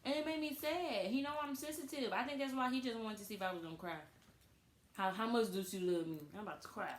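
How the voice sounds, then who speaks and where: Animated woman in a roomy echo. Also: a little high, fast. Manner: animated storytelling, laughs often. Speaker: co-host of couple channel. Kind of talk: casual couple chat. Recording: echoey room with faint noise.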